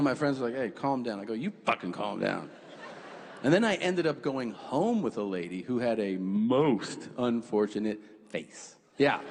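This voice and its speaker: A young man performing a stand-up comedy set, telling a story with profanity and acting out the other people in it. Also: medium pitch. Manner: animated storytelling, acts out quoted voices, profane. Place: comedy club stage. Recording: reverberant club with faint room noise.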